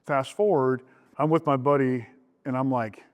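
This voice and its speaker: A middle-aged man, the groom, tells the story of how he met his wife. He talks candidly and jumps up in pitch when he acts out old conversations. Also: fairly even intonation, moderate pace. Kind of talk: recorded interview about his relationship.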